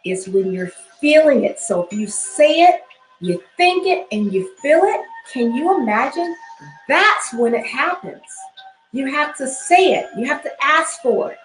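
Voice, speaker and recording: A woman's voice: high voice, lively intonation, a little slow, echoey room, faint music behind, rough recording. A woman spiritual teacher giving an instructional talk, often repeating phrases and checking in with "okay?".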